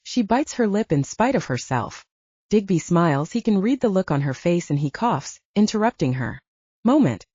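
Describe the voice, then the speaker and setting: A woman narrating an audiobook in an expressive storytelling manner, in a dull lo-fi recording. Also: lowish voice, normal speed, slightly rough, no echo.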